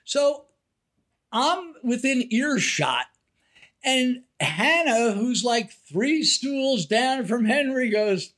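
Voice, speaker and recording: With an extremely high-pitched voice and a very slow delivery, an older male podcast co-host shares family stories in relaxed conversation. He's an animated narrator, raising his voice to act out what people said.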